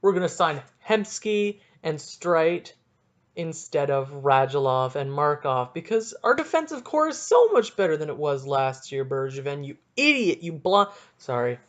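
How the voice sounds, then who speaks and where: A young man hosting a solo sports podcast, ranting excitably and cutting himself off mid-sentence. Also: a little high, a little slow. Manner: excitable, ranting, self-interrupting. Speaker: podcast host.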